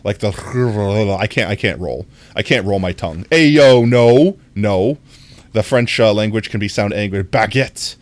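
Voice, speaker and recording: A man's voice: on the low side, moderate pace, no room sound. A young man streaming live, rambling through casual chat and reacting to his viewers, with lots of fillers and easy laughter. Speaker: livestreamer.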